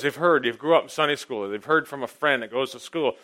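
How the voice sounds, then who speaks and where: A middle-aged male pastor who opens with a quiet, earnest prayer and moves into a personal sermon. He talks plainly and tells stories from his own life. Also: medium pitch, quick pace, hardly any pauses. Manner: earnest, personal storytelling, grows animated.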